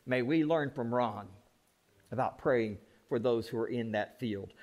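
A man preaching a sermon as pastor, folksy and plain-spoken. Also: high-pitched. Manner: folksy, plain-spoken, mock voices for effect.

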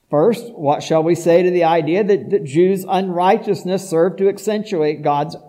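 A man with a high voice preaches a sermon as a pastor. He drives his points home with rhetorical questions, dropping into soft asides and then rising to loud, emphatic declarations. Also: low-quality recording.

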